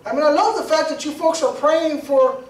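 A man's voice: very high-pitched, normal speed. A man preaching an informal storytelling sermon in a church, talking conversationally and repeating words as he builds to emphatic peaks. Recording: roomy church sound from a distance.

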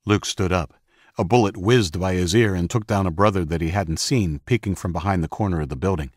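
Man, audiobook narrator, steady measured reading, deep voice, dry studio sound. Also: no echo. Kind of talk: scripted narration.

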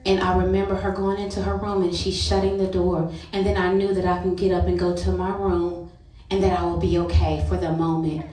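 A woman's voice: fairly low pitch, little pitch movement, a little fast, dark tone. A woman preaching a sermon and telling her own story in an earnest, personal way. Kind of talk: sermon testimony. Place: church sanctuary. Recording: roomy church sound from a distance.

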